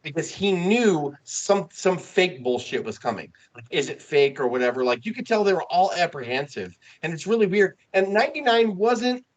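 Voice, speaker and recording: A man co-hosting a podcast in casual chat, retelling a story with lively acted-out quotes. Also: high-pitched, normal speed. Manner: animated storytelling, acting out quotes. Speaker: podcast co-host.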